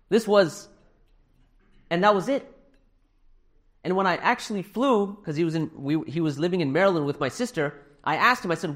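A man's voice: fairly high pitch, lively intonation, fairly quick, fairly bright tone. A middle-aged man giving a fundraising sermon to a live audience in a hall, earnest and conversational with self-deprecating humor. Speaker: speaker at a fundraising talk.

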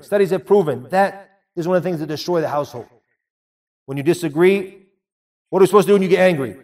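A man's voice: sits high, a little mellow, distant mic. A man giving a sermon, earnest and repeating phrases for emphasis. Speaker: preacher.

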